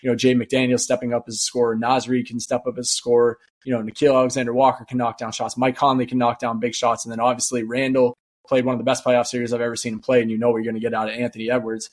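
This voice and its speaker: A man's voice: mid-range voice, level tone, quick pace, hardly any pauses, a little mellow. A man co-hosting a sports podcast, giving rambling analysis full of fillers. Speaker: podcast co-host. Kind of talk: casual sports chat.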